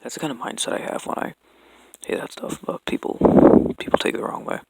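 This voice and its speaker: A young man talking in a rambling personal apology monologue, halting and stumbling, with constant fillers and restarted sentences. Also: heavy background noise. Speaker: vlogger.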